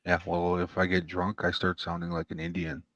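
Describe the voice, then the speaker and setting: A man from Canada in casual chat with friends, dropping deadpan one-liners. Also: low voice, normal speed, lo-fi sound.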